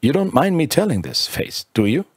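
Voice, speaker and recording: A man voicing a jovial, mannered, monocled gentleman with a drawling delivery. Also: on the high side, very animated, normal speed, breathy edge, dry recording, studio quality, pitched above the performer's own voice.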